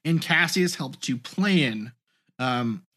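A podcast co-host who leads the discussion in an explanatory way, often pausing on "um" and opening points with "now, what's interesting.". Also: medium pitch, expressive, a bit bright.

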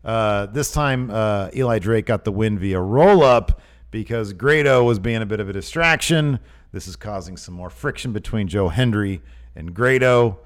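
A man's voice: fairly low pitch, normal speed. A man co-hosting a podcast, chatting casually about wrestling news with lots of fillers and an amused, rambling manner. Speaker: podcast co-host.

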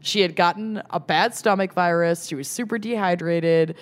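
A woman's voice: lowish voice, normal speed. A tired woman co-hosting a podcast, telling a long story in a casual chat and laughing often. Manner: animated storyteller with frequent laughs. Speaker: podcast co-host.

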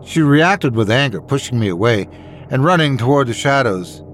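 A man reading a horror story aloud in a measured, suspenseful way. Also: mid-range voice, lively intonation, a little hiss or hum. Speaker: narrator. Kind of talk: scripted horror story narration.

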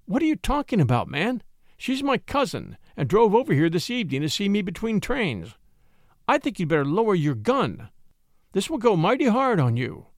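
A man voicing a cool, cunning young attorney in a story reading, smooth and commanding. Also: high-pitched, wildly swooping pitch, normal speed, no echo, studio quality, voice pushed up, full character voice. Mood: indignant. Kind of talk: audiobook character voice.

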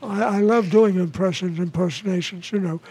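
A man in his nineties from New York, a guest comedian telling stories in a halting way, with restarts and chuckles. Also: high-pitched, dark tone, husky. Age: 90s. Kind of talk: casual storytelling interview.

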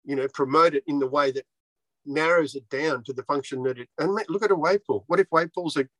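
A man's voice: a little high, brisk, fairly bright tone, dry recording, rough recording. A man who designs surfboards, talking bluntly and swearing freely in a casual interview. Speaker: surfboard shaper.

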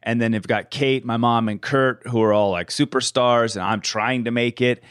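A man's voice: medium pitch, fairly even intonation, moderate pace, a bit bright, clear, resonant tone, dry recording, studio quality. Candid, swearing male podcast host. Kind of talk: casual podcast chat.

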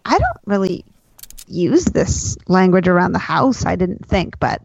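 A woman's voice: lowish voice, lively intonation, normal speed, creaky, a little mellow, dry recording. A woman hosts a podcast in a chatty, self-deprecating way. Her recording sounds slightly dull and lo-fi, but the room is dry and close. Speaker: podcast host. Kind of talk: casual chat.

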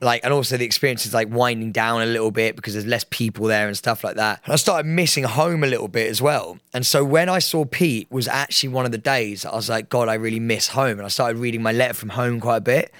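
A young man co-hosting a podcast, telling a story in a rambling, animated way with lots of fillers. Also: mid-range voice, fast, few pauses, no room sound, studio quality. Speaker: podcast co-host. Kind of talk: casual chat.

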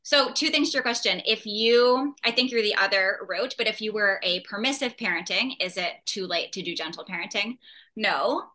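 A woman's voice: mid-range voice, normal speed, pushed and bright. A woman in her thirties, a guest on a parenting chat, explaining patiently and reassuringly. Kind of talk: casual podcast chat.

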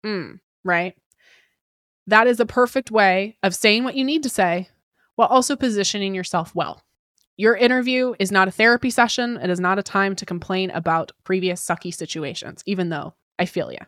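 A woman's voice: medium pitch, a bit bright, no room sound. Chatty woman podcast host, dry sound. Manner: quick, chatty delivery with frequent "right?" tag questions; fillers like "like" and "kinda". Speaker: podcast host giving job-interview advice. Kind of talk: casual advice podcast.

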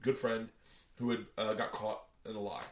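A man hosting a podcast, telling a long story in casual chat, animated and full of profanity. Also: on the low side, moderate pace, echoey room, recorded from a distance. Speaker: podcast host and comedian.

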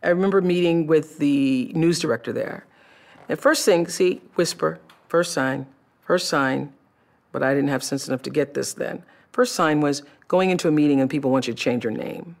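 A woman telling stories from her own career in an animated, expressive way. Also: low voice, normal speed, creaky. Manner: animated, expressive, acts out remembered voices. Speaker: television personality recounting her career. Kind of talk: personal storytelling talk.

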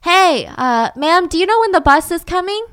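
A woman's voice: extremely high pitch, expressive, moderate pace, fairly bright tone, no room sound, clean studio sound, voice pushed up. A woman voicing a young man who chats up a stranger in an eager, friendly way, with stammers. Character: smooth-talking young man charming a stranger.

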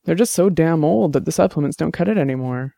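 A man's voice: a little high, expressive, fast, creaky, mellow, no echo, clean studio sound. A man voicing a wry, casual detective in an audiobook. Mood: rueful.

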